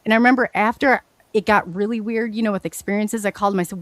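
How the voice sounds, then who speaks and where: A woman guest telling her story in a casual, animated, rambling way, often restarting her sentences. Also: mid-range voice, fast talker, hardly any pauses, no room sound. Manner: animated, rambling, frequent restarts and self-corrections.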